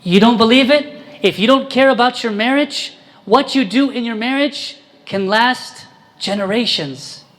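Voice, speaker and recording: A man's voice: very high-pitched, measured pace, fairly bright tone. A man preaching a sermon as a priest, quizzing his congregation and pressing his points with emphasis.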